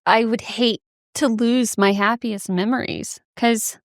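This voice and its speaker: A woman's voice: fairly high pitch, fairly even intonation, takes it slowly, no room sound, clean studio sound. A young woman co-hosting a podcast, chatting casually and explaining things with enthusiasm. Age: young adult. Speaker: podcast co-host. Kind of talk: casual chat.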